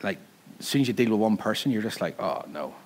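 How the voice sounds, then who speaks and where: A man with a Northern Irish accent, preaching a sermon in an animated, joking, conversational way, laughing often as he tells a story. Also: lowish voice, fast talker, slight background noise. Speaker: pastor.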